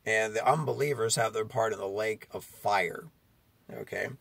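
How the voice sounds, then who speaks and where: A male preacher delivers a confrontational sermon in a low, gravelly, husky voice. He jabs at his listeners and keeps checking in with "okay?" The sound is dry and close to the mic. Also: normal speed, a bit bright, dry recording. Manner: confrontational, repeats "okay?" often. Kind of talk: street-style sermon.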